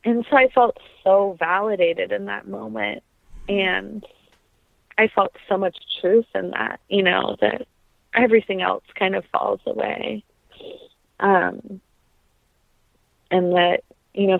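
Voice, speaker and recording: A young adult woman who is a trained opera singer speaks reflectively and from the heart in a casual interview, using lots of fillers. Her mid-range voice has vocal fry, and the recording sounds tinny, like a phone, with no echo.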